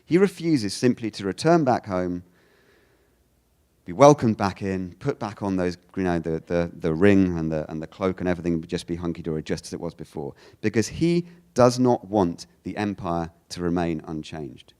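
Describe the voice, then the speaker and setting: A man giving a theology lecture in a conversational, animated way, often repeating words and saying "you know". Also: low voice, normal speed. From United Kingdom. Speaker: guest lecturer.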